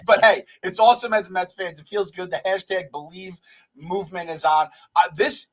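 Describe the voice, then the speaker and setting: A man's voice: high-pitched, poor audio. Profane, laid-back male podcaster. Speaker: podcast co-host. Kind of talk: casual sports chat.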